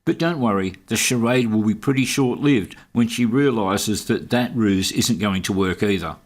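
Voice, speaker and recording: A man's voice: fairly low pitch, normal speed. A man giving sarcastic, mocking commentary over video footage. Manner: sardonic, mocking.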